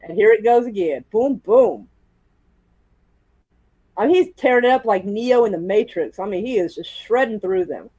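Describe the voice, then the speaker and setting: A woman's voice: medium pitch, lively intonation, normal speed, long pauses, mellow, no echo, rough recording. A woman hosting a livestream at home, chatting casually, swearing and laughing a lot. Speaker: livestream host. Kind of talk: casual chat. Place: indoors at home.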